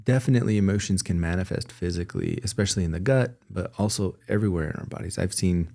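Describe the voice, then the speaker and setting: A man's voice: low voice, fast talker, gravelly, mellow. A man being interviewed, talking candidly and reflectively, often restarting his sentences with little laughs. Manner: earnest, reflective, with frequent self-corrections and little laughs. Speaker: guest.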